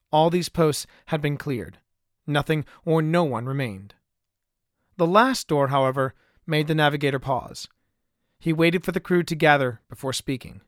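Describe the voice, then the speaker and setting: A man narrating his own adventure story in an even, measured way, recorded close to a studio mic. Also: on the high side, no echo. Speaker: author and narrator. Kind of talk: scripted audiobook narration.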